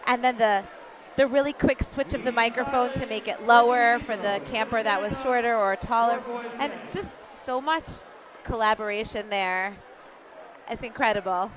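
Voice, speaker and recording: A woman's voice: a little high, moderate pace, a crowd in the background. A woman commentating live on the broadcast, chatting in an enthusiastic, gushing way. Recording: noisy live ambience.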